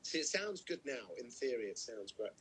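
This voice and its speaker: A man's voice: medium pitch, very animated, normal speed, fairly bright tone, slight background noise. A British man in his thirties chatting casually on a live stream, jokey and self-mocking. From Britain. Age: 30s. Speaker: actor co-hosting a live stream. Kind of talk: casual chat.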